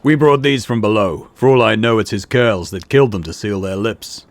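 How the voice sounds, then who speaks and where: A man voicing a gruff, proud warrior in a video game, speaking in an old-fashioned, boastful way. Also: lowish voice, normal speed, a little hiss or hum, lightly acted. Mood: suspicious. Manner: archaic, boastful warrior speech. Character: gruff male Norse-style warrior, proud and blunt.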